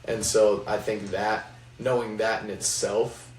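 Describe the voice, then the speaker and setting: Low-voiced young man, reflective. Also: little pitch movement, unhurried. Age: young adult. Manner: reflective storytelling, many fillers. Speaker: college basketball player. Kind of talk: faith-focused podcast chat. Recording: roomy, distant mic, faint noise.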